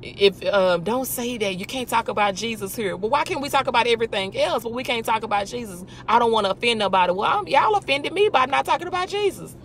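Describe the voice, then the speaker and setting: A fairly high-voiced woman talks casually about her faith. She presses her point with rhetorical questions and argues back at imagined people. A faint engine rumble hums behind her. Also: animated, a little fast, few pauses. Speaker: host. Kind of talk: casual faith talk monologue.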